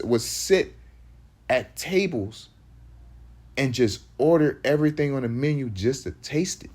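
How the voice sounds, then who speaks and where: A man's voice: mid-range voice, a little mellow. A man, preaching in loose street talk that rambles, restarts often and hits points with emphasis.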